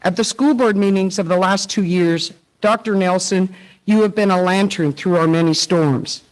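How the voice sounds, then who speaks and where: A woman's voice: lowish voice, normal speed, poor audio. A woman teacher giving an earnest tribute speech at a public meeting, emotional and close to tears, quoting poets and leaders.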